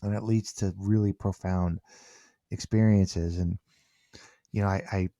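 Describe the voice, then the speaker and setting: A middle-aged man, a podcast guest, telling stories in a lively way, often repeating words as he restarts and acting out what people said. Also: sits low, unhurried, no room sound, clean studio sound. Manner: animated, repeats words when restarting, acts out quoted dialogue. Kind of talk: conversational storytelling.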